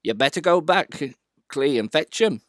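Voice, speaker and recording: A brisk railway signalman, put on by a man in a raised, lively voice that is plain and matter-of-fact. The storybook reading is recorded close and dry. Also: fairly high pitch, no room sound, voice pushed up. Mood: blunt.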